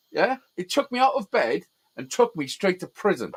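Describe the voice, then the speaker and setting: A man spins a story in loose, casual chat, swearing freely and getting animated as he goes. His voice sits fairly high for a man. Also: moderate pace, breathy edge. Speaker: host.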